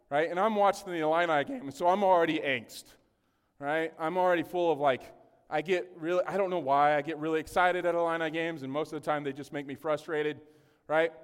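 With long reverb from the hall around him, a man preaches a casual, jokey sermon and keeps asking the congregation questions. The pastor's voice is smooth and on the high side.

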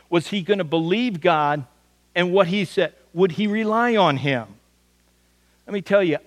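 A man preaching a sermon, his voice sitting fairly high. He talks in a homely, folksy way and keeps tripping over repeated words as he goes. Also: big-room sound. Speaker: pastor.

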